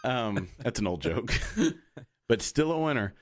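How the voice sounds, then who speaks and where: A man co-hosting a casual podcast, talking at an everyday pitch for a man. He rambles from one tangent to the next, restarts his sentences and slips into quoted voices. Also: lively intonation, slow pace, slight background noise. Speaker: podcast co-host. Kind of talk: casual chat.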